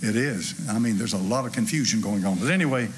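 A man, preaching a sermon to a church congregation in a folksy, animated way with asides to the crowd. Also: on the low side, fast talker, a little hiss or hum. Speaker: pastor. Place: church sanctuary.

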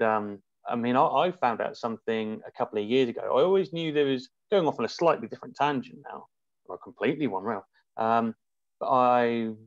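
A man talking as a podcast guest in casual conversation, reflective and halting, often restarting his sentences. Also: medium pitch, dry recording. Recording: muffled dry remote audio.

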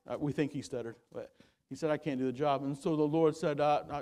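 High-pitched preacher man in a church, gets loud then drops low and quiet, repeats words now and then. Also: steady tone, fairly quick. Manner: preaching with swings between loud emphasis and quiet low passages; repeats words while gathering thoughts. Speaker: pastor. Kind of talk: sermon. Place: church sanctuary.

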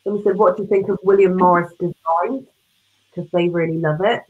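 A woman with a somewhat low voice hosts a casual live interview over a video call. She reads out viewer questions and rambles in a relaxed way. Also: fast talker, phone-quality sound, slight background noise. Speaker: host.

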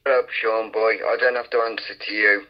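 A man's voice: on the low side, little pitch movement, a little fast. Mid-range male voice, goading and hesitant, lo-fi chat audio. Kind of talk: push-to-talk voice chat. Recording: dull lo-fi voice app audio.

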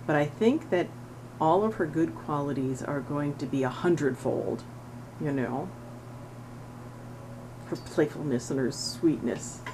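A middle-aged woman volunteering at an animal shelter, chatting casually to the camera and cooing at a cat in a high sing-song voice, laughing often. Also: a little slow, pauses often, background noise. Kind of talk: casual vlog talking to a cat.

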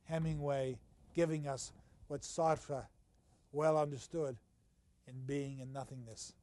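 There's no room sound as an older literature professor lectures at a university with fairly even intonation. He shifts between stressed, loud points and subdued asides, reading excerpts in a slow, marked rhythm.

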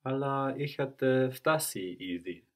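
A man's voice: medium pitch, animated, measured pace. A man answering as a student in a language lesson, giving short, careful replies. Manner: short, careful answers, sometimes self-correcting.

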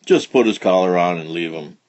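A man reading a children's storybook aloud, voicing a cross, gruff orchard farmer who speaks curtly. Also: sits low, brisk, darkish tone, natural voice. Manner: curt and cross.

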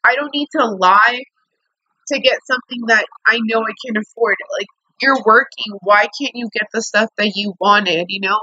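A woman's voice: on the high side, normal speed, pushed and bright, slightly rough, no echo, highs cut off. A young woman venting angrily in a storytime vlog, swearing a lot as she talks to the camera. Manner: angry venting, heavy swearing. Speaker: vlogger.

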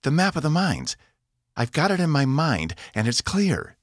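Male narrator playing a volatile young woman pilot, lifted voice, animated delivery. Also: fairly high pitch, moderate pace, dry recording, studio quality, voice pushed up. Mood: urgent. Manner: defiant, excited, rising voice.

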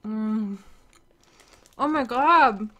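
High-pitched girl streamer gushing, giggly, mouth full, bright voice. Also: very slow. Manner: gushing, eating while talking, giggly. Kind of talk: casual live stream chat.

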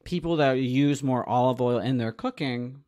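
A man's voice: medium pitch, a little mellow. Male co-host, Southern US accent, blunt and argumentative in easy chat. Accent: American Southern. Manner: blunt, quick to contradict. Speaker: podcast co-host. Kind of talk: casual chat.

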